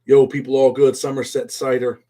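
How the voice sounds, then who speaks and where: A middle-aged man hosting a casual live stream, reading chat and talking bluntly in street slang, dropping "man" after nearly every phrase. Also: a little fast. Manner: swings from low mumbles to loud excited outbursts.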